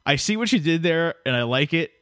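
A podcast host with a slightly high, fairly bright voice speaks briskly and animatedly in a studio-quality recording with no room sound. Chatting casually with a guest, he is jokey and rambling, with frequent fillers and restarts.

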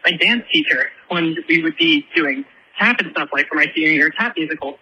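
A man's voice: fairly high pitch, lively intonation, brisk, pushed and bright, husky, low-quality recording. A young man leaving a rambling, casual voicemail, full of ums and likes.

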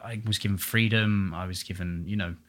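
A man's voice: low voice, steady tone, fairly bright tone. A man, a musical theatre performer, chatting casually and telling stories with easy laughs. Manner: chatty storyteller, quick laughs, restarts. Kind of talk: casual chat.

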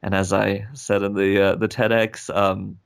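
A young rapper, appearing as a guest in a relaxed interview, tells a story and animatedly acts out the voices of the people in it. His voice is lowish, a bit slow, and creaky, with a clean tone.

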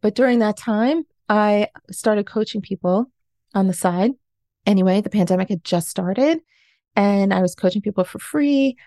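This is a woman in her forties, a life coach being interviewed, sharing her story in an earnest, confessional, self-questioning way. Her mid-range voice has a warm tone and a normal pace. The studio-quality audio carries no room sound.

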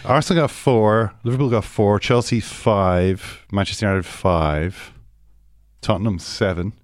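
A man with a very low, deep voice talks football in a loose, rambling way, breaking off and restarting his sentences. He is recorded close and dry, with no room sound. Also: unhurried, dry recording. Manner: rambling, self-interrupting, restarts sentences often. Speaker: podcast co-host. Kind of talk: casual football chat.

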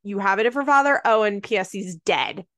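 A woman's voice: medium pitch, expressive, brisk, fairly bright tone, dry recording, studio quality. A woman co-hosting a casual chat, animatedly recapping a show with profanity and acted-out quotes. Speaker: podcast co-host.

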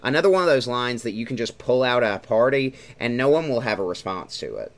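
A man hosting a casual podcast, reviewing a film in animated talk full of fillers. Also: mid-range voice, fast. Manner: animated, talks through with fillers. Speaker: podcast host. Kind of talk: casual movie review chat.

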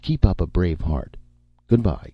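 A man voicing the calm, meddling ghost of an elderly uncle, measured and mildly patronizing, in an audiobook reading. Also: deep voice, dry recording, dull audio. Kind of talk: audiobook narration.

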